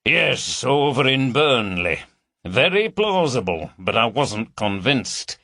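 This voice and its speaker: A man voicing a shrewd police inspector, brisk and measured. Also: medium pitch, big pitch swings, sharp tone, no room sound, clean studio sound, heavily acted.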